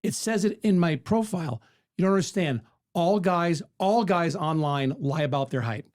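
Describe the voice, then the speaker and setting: A podcast host in casual chat, speaking in an animated, emphatic way. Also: male voice, fairly high pitch, normal speed.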